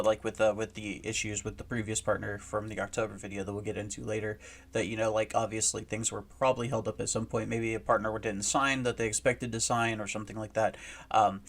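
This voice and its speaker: A man hosting a casual commentary video, talking in a rambling way with lots of fillers and restarts. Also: on the low side. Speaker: host.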